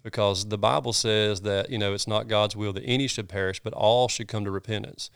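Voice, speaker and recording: Earnest Southern pastor telling stories. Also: male voice, fairly low pitch, a little fast, vocal fry, clear, resonant tone, no room sound, studio quality. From North Georgia, US. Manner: earnest, animated storyteller with folksy sayings. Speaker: pastor, guest. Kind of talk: casual storytelling interview.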